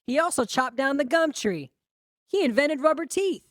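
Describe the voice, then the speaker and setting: Voiced by a woman in a high, pushed voice, an audiobook character, a crude and dim-witted grown son, spits out mocking taunts. He is vengeful, loud, and expressive, spoken at normal speed in a dry, close recording.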